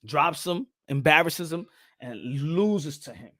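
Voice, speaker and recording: A man hosting a casual boxing talk show, animated and repetitive, getting loud and excited as he makes his points. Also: a little high, slow.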